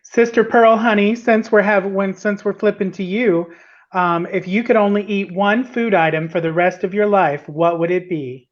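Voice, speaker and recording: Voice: mid-range voice, fairly even intonation, moderate pace. Sassy campy livestream host, dull lo-fi call audio. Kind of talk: hosting a livestream.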